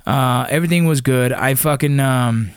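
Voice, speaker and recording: A man's voice: mid-range voice, normal speed, clear, resonant tone, no room sound, studio quality. A young man, a former Army Ranger, casually telling rambling, profane stories from his training. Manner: profane, rambling, frequent restarts. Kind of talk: casual war storytelling.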